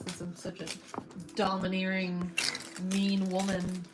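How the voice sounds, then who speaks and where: A woman's voice: on the low side, monotone, measured pace, noisy background. A woman co-hosting a casual build stream, teasing and exasperated, often laughing. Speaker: co-host. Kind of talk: casual chat while building.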